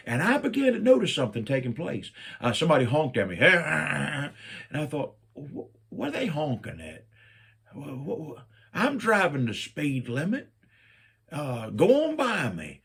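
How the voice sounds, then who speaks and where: A middle-aged man from Virginia, telling a personal story and acting out his own lines with big jumps up in pitch. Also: vocal fry, husky. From Virginia, USA. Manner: animated, jumps up in pitch when quoting himself.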